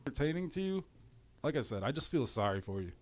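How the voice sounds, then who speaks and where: A man's voice: medium pitch, sing-song, quick pace. Profane, exasperated man ranting on a stream. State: runny nose. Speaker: livestream commentator. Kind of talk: ranting livestream chat. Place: home in cold weather.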